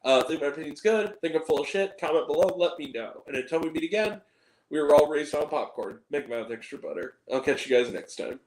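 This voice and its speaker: A man's voice: fairly high pitch, animated, fairly quick, darkish tone, roomy sound, poor audio. A man hosting a movie review video, rambling casually with plenty of fillers and casual swearing.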